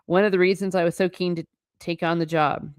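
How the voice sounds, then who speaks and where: A woman's voice: fairly low pitch, steady tone, a little fast, clear, resonant tone, no room sound, clean studio sound, natural voice. Hagrid, read plainly by a woman. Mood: sheepish. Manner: plain read-aloud, no accent attempted. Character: huge gruff kindly male groundskeeper, half-giant.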